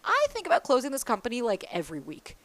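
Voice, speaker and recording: A woman's voice: a little high, wildly swooping pitch, fast talker, a bit bright, no echo. A woman from the US East Coast in casual conversation, speaking candidly and animatedly, swearing freely and acting out the voices of people she quotes. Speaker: small business founder.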